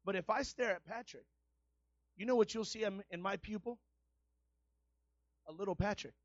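A man pastor preaching a sermon in a colloquial style, rising to loud shouted refrains. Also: sits high, normal speed, no echo, dull audio.

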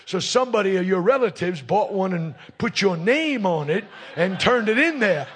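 A man preaching a fiery revival sermon at a crusade meeting, shouting, punchy and joking with the congregation. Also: sits high, expressive, moderate pace, a little hiss or hum.

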